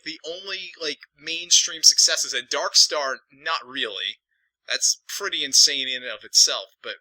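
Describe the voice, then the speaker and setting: Guy ranting about movies, swears a lot, goes off topic, super lively voice, dry sound. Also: fairly high pitch, no echo, poor audio. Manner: digressive, profane, animated. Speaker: film reviewer. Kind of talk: casual rambling commentary.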